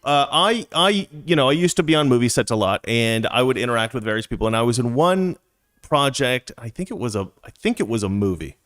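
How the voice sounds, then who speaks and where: Male host telling a long casual story, lively pitch, joking asides. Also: fairly quick. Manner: animated, chatty, jokey asides. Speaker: podcast host.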